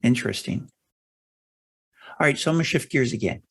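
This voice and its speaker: A woman hosting a podcast, asking careful, measured questions of her guest. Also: rumbling low, expressive, husky. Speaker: podcast host. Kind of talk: interview questions.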